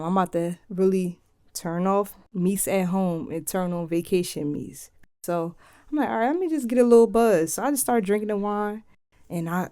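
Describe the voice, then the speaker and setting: A young woman spins a casual travel tale for her solo podcast, slipping into slang and acting out the dialogue. Her voice sits a touch low, and the recording is dry and close, with no room sound. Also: no echo. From Philadelphia. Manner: slangy, animated retelling with quoted dialogue. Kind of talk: casual storytelling.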